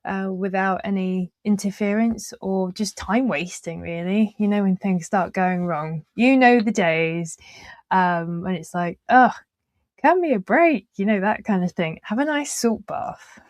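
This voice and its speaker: Speaking at a measured pace in a mid-range voice with no echo, this podcast host runs a casual interview. She rambles in trailing sentences, leans on fillers, and laughs easily throughout.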